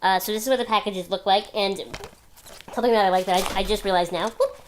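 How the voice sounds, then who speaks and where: A woman's voice: medium pitch, fairly even intonation, fast, slight background noise. A woman talking casually in an opinion vlog, chatty and gushing, with lots of fillers. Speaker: video blogger.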